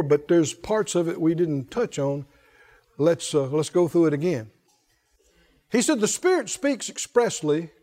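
Male pastor, high voice, emphatic sermon, call-and-response, shouted refrains.

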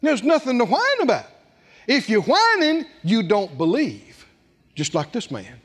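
A man's voice: extremely high pitch, wildly swooping pitch, a little slow, husky. A male preacher delivering a dramatic sermon, acting out scripture scenes and hammering his points with repetition. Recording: long hall reverb.

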